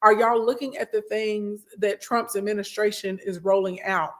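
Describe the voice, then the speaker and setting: A woman talks straight to her followers on a livestream, chatty and blunt. She keeps checking in with "okay?" and scolds them like a big cousin. Her pitch sits in the middle range. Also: flat delivery, normal speed, a bit bright. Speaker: business coach hosting a livestream. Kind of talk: casual livestream talk to followers.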